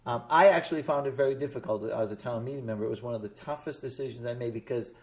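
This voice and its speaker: A man hosting a local cable TV interview in a studio, telling a story slowly with many fillers and restarts. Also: mid-range voice, darkish tone. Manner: rambling, hesitant storytelling with fillers. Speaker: cable access TV host. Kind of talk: casual interview chat.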